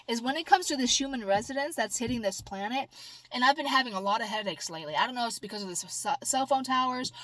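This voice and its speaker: A middle-aged woman talking straight to camera in a casual, rambling vlog, jumping from loud outbursts to soft asides. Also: on the high side, animated, fast, no echo, poor audio. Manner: rambling, emphatic, swings between loud exclamations and soft asides. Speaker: vlogger.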